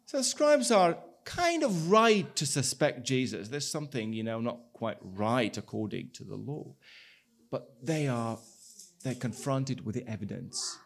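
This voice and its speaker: Lively-voiced man preaching a sermon. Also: mid-range voice, a little slow, vocal fry. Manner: animated storytelling with acted-out dialogue. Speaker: pastor.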